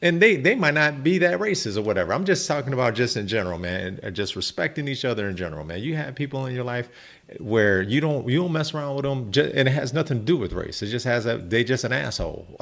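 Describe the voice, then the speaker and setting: A man's voice: mid-range voice, lively intonation, quick pace, gravelly, a bit bright. A man hosting a reaction video, talking in a laid-back, chatty way and peppering his talk with "man". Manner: laid-back, frequent "man", chuckling asides. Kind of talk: casual commentary.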